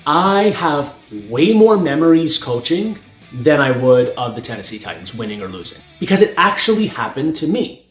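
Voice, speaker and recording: A young North American man, a strength coach, giving a blunt, profane opinion monologue and laughing at his own points. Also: fairly high pitch. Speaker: strength coach and channel host. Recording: echoey room with faint music.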